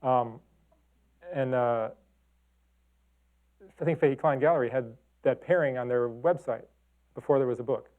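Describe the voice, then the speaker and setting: A middle-aged man from Chicago and Detroit, a photographer giving a talk, chats casually about his photographs, rambling with many fillers and restarts. His medium-pitched voice moves at normal speed with frequent pauses. The recording sounds tinny, like a phone.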